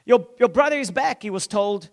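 Man, pastor, very high voice, impassioned sermon, loud-to-hushed swings, acts out scripture characters. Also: expressive, moderate pace, big-room sound.

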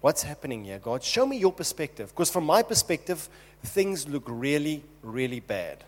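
A man's voice: on the high side, big pitch swings, normal speed. A preacher voicing a pleading, desperate King David. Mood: urgent. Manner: urgent, pleading, repeatedly calling on God. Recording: long hall reverb.

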